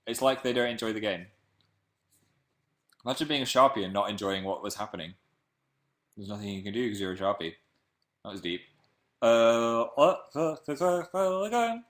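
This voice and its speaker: A man's voice: on the low side, fairly even intonation, a little fast, pauses often, a bit bright. A young man from England hosting a casual live stream, chatting playfully and reading out viewer comments.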